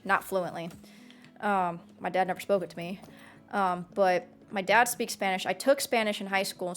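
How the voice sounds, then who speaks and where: A young adult woman chatting on a live stream from her home setup. She talks in a loose, rambling way and drifts easily from one thought to the next, at an ordinary middle pitch. Soft music sits faintly in the background. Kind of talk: casual live-stream chat.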